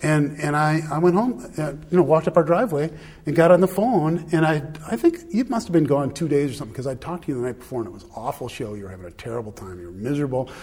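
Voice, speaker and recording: A man with a husky edge to his voice shares a long personal anecdote. He rambles, restarts and chuckles at his own expense. The tone is casual and unpolished. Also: a little high, expressive, fast, a little mellow. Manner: rambling, self-deprecating, laughs often. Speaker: husband sharing a personal story. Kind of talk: casual storytelling.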